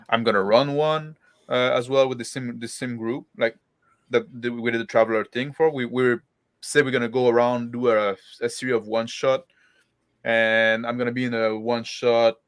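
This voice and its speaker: A man's voice: medium pitch, no room sound, studio quality. A man who runs tabletop games, chatting casually on a stream, rambling with fillers. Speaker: game master. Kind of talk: casual group chat on a stream.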